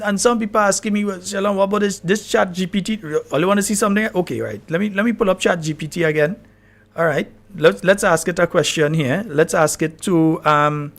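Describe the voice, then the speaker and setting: A man hosting live talk radio. His voice is high for a man, and he talks in a chatty way, often checking that his listeners are following him. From Grenada. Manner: chatty, asks listeners if they understand. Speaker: radio talk show host.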